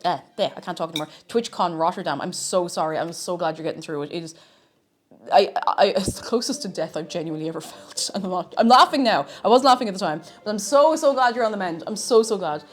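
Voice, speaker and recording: A woman's voice: fairly low pitch, expressive, fast, slight background noise. An Irish woman streaming casually while she cooks, answering her viewers and talking between bites of food. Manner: chatty, reads viewer messages aloud and answers them; talks while snacking, sometimes with a full mouth. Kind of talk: casual cooking livestream chat.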